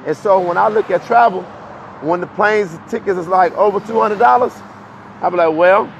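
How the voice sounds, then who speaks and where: Fairly quick and marked by vocal fry, a fairly high-voiced man addresses his livestream viewers while walking uphill outside, a bit out of breath. He's animated, repeats words often and laughs between points, heard through dull, lo-fi phone audio with faint street noise behind him.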